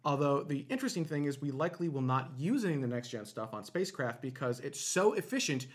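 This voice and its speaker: A man's voice: fairly high pitch, animated, fast. A man co-hosting a live online space show, chatting casually and explaining space news with plenty of fillers and restarts. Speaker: show co-host.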